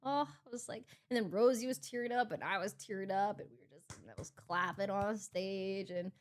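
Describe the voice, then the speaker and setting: A young woman streamer casually recounting a story, acting out her own and others' lines in lively quoted voices. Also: medium pitch, brisk. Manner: animated, quoting herself in lively voices.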